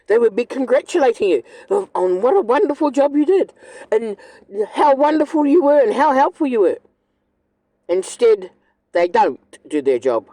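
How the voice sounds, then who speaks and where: A woman's voice: a little high, very animated, normal speed, mellow, no echo, low-quality recording. Angry, swearing New woman. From New Zealand. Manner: angry, blunt, profane. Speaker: vlogger. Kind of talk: ranting monologue.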